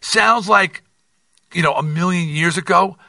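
An older man hosting his own podcast, telling a rambling, animated story with many restarts and asides. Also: sits high, a little slow, vocal fry, dry recording, far from the mic. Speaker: podcast host. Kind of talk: casual monologue.

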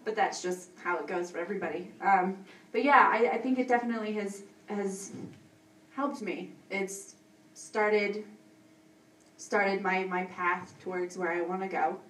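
Giggly and nervous, a young woman from Texas rambles through casual panel Q&A, sounding out of breath and laughing often. Her medium-pitched voice is steady, unhurried and fairly bright, captured distantly in an echoey room.

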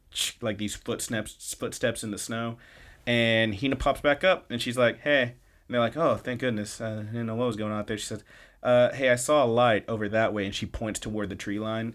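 A man co-hosting a podcast, casually retelling an episode and tossing in quick snippets of the characters' lines. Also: on the low side, a bit bright. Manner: loose, chatty retelling with quick snippets of quoted dialogue. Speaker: podcast co-host.

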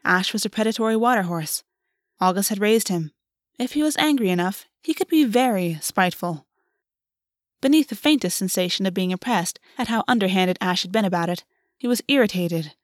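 A woman narrating a fantasy story aloud in a steady, even audiobook reading. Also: mid-range voice, a little fast, no room sound, clean studio sound.

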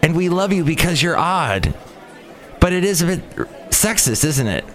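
A man's voice: on the high side, sing-song, normal speed, some chatter behind. A man with a Californian accent, hosting a podcast in a chatty, wry, rambling monologue. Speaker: podcast host. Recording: traffic noise in background.

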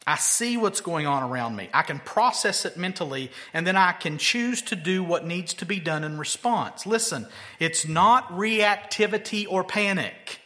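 A man's voice: high voice, lively intonation, normal speed, sharp tone. A male pastor preaching a sermon conversationally, with emphatic rhetorical questions.

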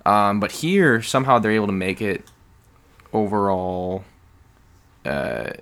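A man's voice: on the low side, lively intonation, a little slow, fairly bright tone. A man hosting a casual podcast chat, explaining at length in long turns and joking along the way. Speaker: podcast host.

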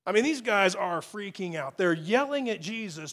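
Man, pastor, sermon, high-pitched voice, casual preaching, stop-and-start phrasing, gets loud then quiet. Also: expressive, moderate pace. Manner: conversational preaching with restarts and dramatic swings in loudness.

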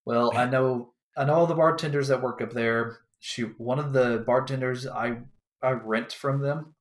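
A young man talks in a loose, rambling way, acting out the lines of the people in his story and swearing freely. His voice sits at a middling pitch for a man. The recording carries a roomy echo. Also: steady tone, moderate pace. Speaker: podcast co-host. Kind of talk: casual chat. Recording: echoey room.

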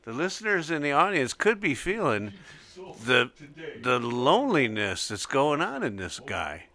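A man as a radio guest, relaxed and rambling while playfully teasing a friend. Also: medium pitch, unhurried. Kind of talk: casual radio chat.

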